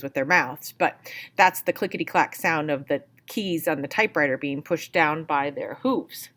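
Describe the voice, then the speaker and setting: Woman teacher, low voice, unhurried read-aloud, patient explainer for young students. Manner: patient, explains words step by step. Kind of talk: picture book read-aloud lesson.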